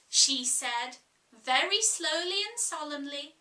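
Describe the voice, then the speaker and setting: A woman reading a classic children's story aloud in a measured, expressive way. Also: sits high, recorded from a distance. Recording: echoey room, voice off-mic.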